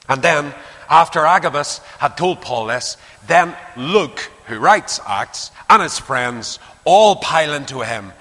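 Male preacher, lively swooping pitch, bright tone, long hall reverb. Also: normal speed. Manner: animated, acts out quotes, drops to hushed asides. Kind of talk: sermon.

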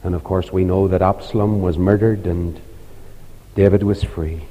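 Fervent preacher man, dark voice. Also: steady tone, normal speed. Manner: fervent, pleading, climbs high on appeals. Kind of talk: evangelistic sermon. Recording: long reverb of a large hall.

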